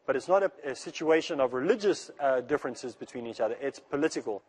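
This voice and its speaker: A man giving an earnest religious lecture in a rushing, rapid delivery, repeating phrases to make his point. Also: mid-range voice, animated, a little mellow, husky. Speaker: Islamic speaker.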